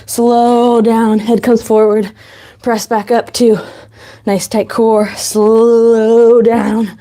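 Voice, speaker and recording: A woman's voice: on the high side, flat delivery, very slow, dark tone. A woman fitness instructor leading a home workout, chatty as she cues each move and counts reps.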